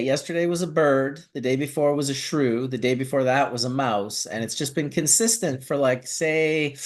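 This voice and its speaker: Animated male host, casual storyteller. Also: medium pitch. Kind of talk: casual chat.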